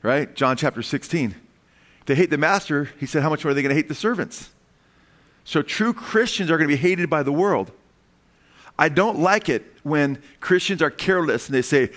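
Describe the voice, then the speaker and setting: A man's voice: a little high, moderate pace, fairly bright tone. Man preaching a casual sermon. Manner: conversational, asks the audience questions.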